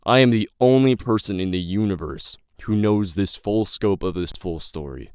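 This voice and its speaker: Intense nineteen-year-old man, smooth low voice. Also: normal speed, a little mellow, no echo, studio quality. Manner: intense, impassioned, rambling with restarts and swearing. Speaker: YouTube creator and novelist. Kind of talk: personal update vlog to viewers.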